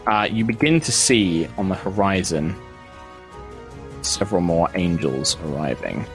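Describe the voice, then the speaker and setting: A man's voice: sits low, animated, a little slow, soft background music. A man narrating as game master of a tabletop game, rambling with many fillers and restarts.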